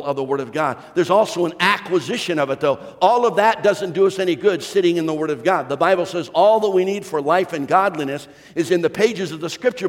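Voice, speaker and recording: Male pastor, higher voice, emphatic sermon delivery, echoing sanctuary. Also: fairly bright tone. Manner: preaching with rising emphasis and rhetorical questions.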